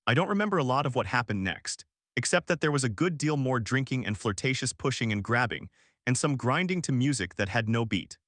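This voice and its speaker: A man's voice: medium pitch, expressive, brisk, fairly bright tone, no room sound, studio quality. A man narrating a first-person audiobook in a reflective, confessional way.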